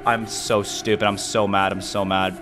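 A man giving casual gameplay commentary, jumpy and excitable, yelping and muttering to himself. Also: lowish voice, moderate pace, loud music behind the voice. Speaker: gaming video host.

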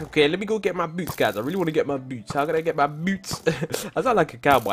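A young man doing casual Minecraft commentary who keeps talking to his viewers and bursts into shouts when something goes wrong. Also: a little high, fast talker, slight background noise. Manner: excitable, talks to viewers, repeats "guys", bursts into shouts. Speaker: gaming YouTuber.

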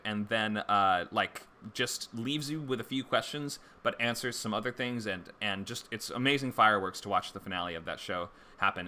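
Hiccuping through a casual livestream lecture, a screenwriting instructor teaches loosely, with lots of fillers and restarts. His voice is fairly low with a sharp tone, and the recording has a little hiss or hum.

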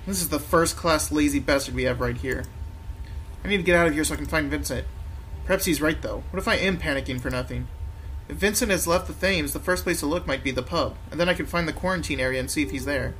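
A man's voice: a little high, a little fast, a bit bright, faint music behind. A man playing a story game, reading its lines and adding wry asides to himself. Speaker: game player. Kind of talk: let's play commentary and reading game text.

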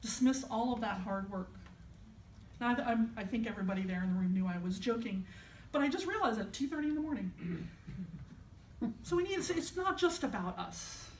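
Female minister, relaxed storytelling sermon, picked up from a distance in a reverberant sanctuary. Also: on the high side, a little fast, long pauses, slight background noise. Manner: conversational, storytelling, self-deprecating. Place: church sanctuary. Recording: echoey church from a distance.

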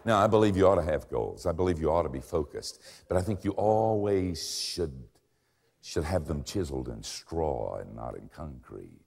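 An older man preaching a sermon with dramatic swings in pitch and volume and wry, self-mocking humor. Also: lively intonation, moderate pace, vocal fry, a little mellow, slightly rough. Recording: long hall reverb.

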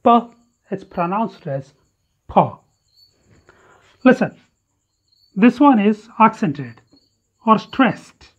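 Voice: mid-range voice, lively intonation, takes it slowly, long pauses, breathy edge. A teacher giving a phonetics lesson, drilling example words one by one and correcting wrong pronunciations. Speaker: English teacher. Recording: dull lo-fi recording.

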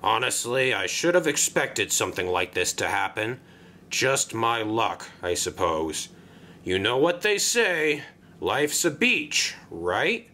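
A man's voice: mid-range voice, very animated, slow pace, pushed and bright, a little hiss or hum, full character voice. A man voicing a boastful, endlessly talkative male ship in a homemade toy-train story, speaking in broken grammar. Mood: rueful. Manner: talkative, indignant, ungrammatical.

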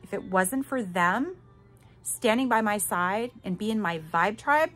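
A woman's voice: medium pitch, lively intonation, a little slow, a bit bright, soft background music. A middle-aged woman hosting a podcast, telling a personal story candidly and emphatically, talking straight to her listeners and swearing casually. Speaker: podcast host.

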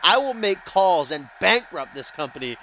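An arrogant heel wrestler grandstands through a self-important promo, as a man puts him on. The voice rides well above the man's own, bright and cutting. He sounds like a boastful video game villain who answers to no one. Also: sits high, sing-song, normal speed, slight background noise, voice pushed up, exaggerated voice. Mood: threatening.

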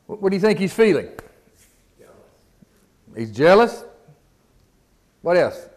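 A man's voice: sits high, very animated, a little slow, darkish tone. A man preaching a sermon in a folksy, casual way, often repeating words and asking the congregation questions. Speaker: pastor. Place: church.

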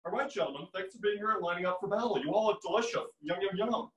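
A man's voice: high-pitched, fast talker, reverberant, recorded from a distance, pitched above the performer's own voice, natural voice, poor audio. A man impersonating a campy, lecherous actor at an audition, flamboyant and lip-smacking.

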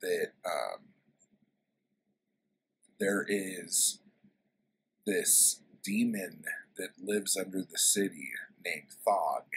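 A man's voice: deep voice, fairly bright tone, a little hiss or hum, poor audio. A man casually retelling a favorite story in a book review, rambling and swearing with lots of fillers.

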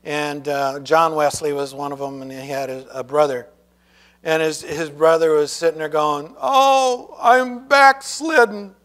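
A man's voice: a little high, level tone, moderate pace. A male pastor preaching a sermon who reads scripture aloud and asks the congregation questions.

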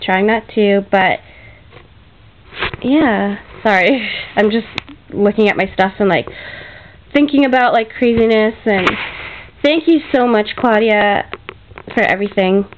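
A woman's voice: mid-range voice, measured pace, pauses often, slight background noise. A woman from Canada showing off craft gifts in a casual vlog, gushing and grateful, chatty with lots of fillers, and close to tears. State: emotional, near tears. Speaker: craft vlogger. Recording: dull lo-fi home video audio.

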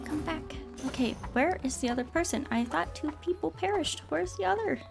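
A woman with a high, expressive voice and vocal fry chats at a moderate pace while streaming a game. Over the game music, she talks casually, apologizes, and bubbly greets viewers by name.

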